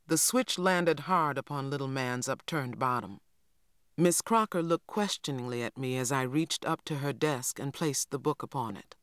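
A woman narrating an audiobook in a measured, even reading. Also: low voice, no echo, studio quality. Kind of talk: scripted narration.

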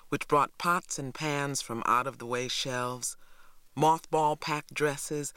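Measured male audiobook narrator, fairly high voice. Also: no room sound. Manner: even, measured storytelling. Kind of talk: scripted narration.

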